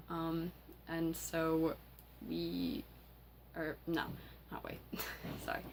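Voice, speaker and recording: A teenage girl ranting casually to camera as a vlogger, halting, with many fillers and restarts. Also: sits low, big pitch swings, slight background noise, low-quality recording. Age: teens.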